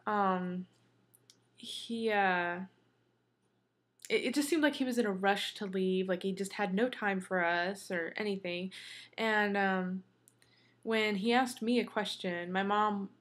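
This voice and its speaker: A woman talks straight to her viewers in a loose, unscripted vlog. Her voice sits at an ordinary middle pitch, and her delivery is chatty and venting, full of ums and you-knows. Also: slow, pauses often, a bit bright. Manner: chatty, venting, many fillers. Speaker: vlogger. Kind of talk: casual chat to viewers.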